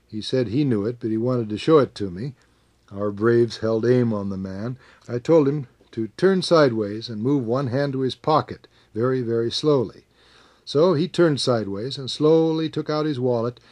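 A man narrating a first-person story in a measured, dramatic way, rising on the tense moments. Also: medium pitch, darkish tone.

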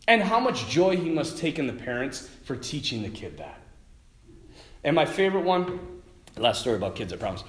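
A man who is a Catholic priest, giving a conversational homily full of stories, laughing often and swinging between loud and hushed. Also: mid-range voice, big pitch swings, normal speed, pauses often. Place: church. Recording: echoey church room.

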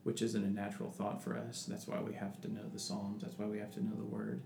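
A man's voice: fairly low pitch, monotone, quick pace, vocal fry, mellow. A man in casual religious discussion who talks thoughtfully with many restarts and reads scripture aloud. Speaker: podcast co-host. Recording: echoey room with background noise.

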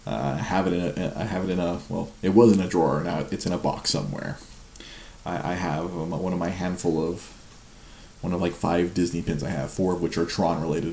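A man's voice: low-pitched, fairly even intonation, a little fast, gravelly, darkish tone, reverberant, slight background noise. A man in his forties chatting casually at home at night, laughing a lot and mocking himself. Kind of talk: casual chat.

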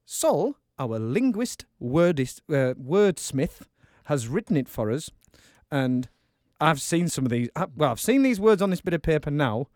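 A man hosting a dance-music radio show, bantering excitedly and shouting his praise. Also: on the high side, moderate pace, no room sound, studio quality. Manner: exuberant, loud shouts of praise.

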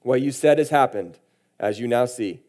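A man delivering a sermon as a pastor. He reads scripture with emphasis and then talks it over in a conversational way. His voice is warm and mellow, at an ordinary pitch for a man. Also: expressive, moderate pace.

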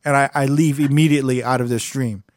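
Laid-back profane podcast host. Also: male voice, medium pitch, fairly even intonation, quick pace, no echo, clean studio sound. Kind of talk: casual podcast chat.

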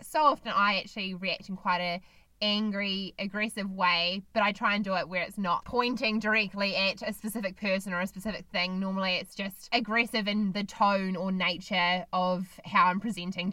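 A woman's voice: medium pitch, fairly even intonation, normal speed, bright, forceful tone, dry recording. A woman co-hosting a casual chat podcast, talking in an earnest, reflective and opinionated way.

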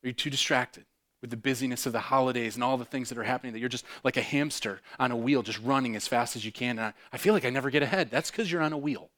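A male pastor preaching a sermon. He swings between loud, fervent bursts and hushed, intimate passages, and he repeats phrases for emphasis. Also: medium pitch, steady tone, fast talker.

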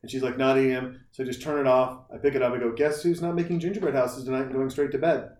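A man's voice: mid-range voice, fast talker. A man co-hosting a casual podcast chat, telling stories animatedly and acting out what people said. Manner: animated storytelling, acts out quotes. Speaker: podcast co-host. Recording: echoey room, distant mic.

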